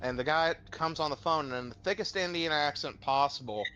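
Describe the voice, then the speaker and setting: A man's voice: on the high side, fairly quick, lo-fi sound, slight background noise. A man streaming a game, telling stories in casual, profane chat with friends. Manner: profane, animated storyteller.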